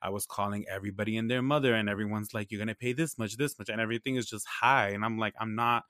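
A man's voice: lowish voice, fast, no room sound. Young guy telling a story, lots of slang and swearing, acts out both sides of the convo, dry close sound. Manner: animated, slangy and profane, acts out dialogue. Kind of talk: casual storytelling.

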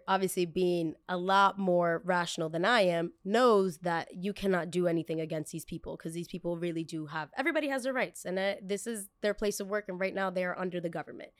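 A woman's voice: no room sound, studio quality. A young woman hosting a podcast, telling a story casually and acting out the argument in it with big jumps in her voice. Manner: animated, acts out quoted arguments with big pitch jumps. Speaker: podcast host.

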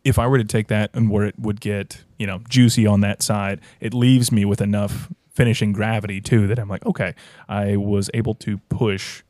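A man's voice: fairly low pitch, level tone, moderate pace, darkish tone, dry recording, studio quality. A man, a head brewer and podcast guest, talking shop in a rambling, technical, think-aloud way. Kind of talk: casual chat.

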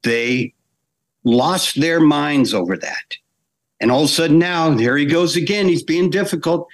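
A man's voice: a little high, a little slow. A man telling behind-the-scenes anecdotes in a casual interview, acting out quotes and restarting phrases. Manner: animated anecdotes with acted quotes, frequent restarts. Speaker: animator guest.

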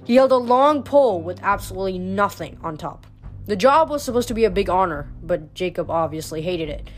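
A woman's voice: mid-range voice, expressive, brisk, soft background music. A woman reading a novel aloud, unpolished, with frequent slips and restarted words. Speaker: audiobook reader.

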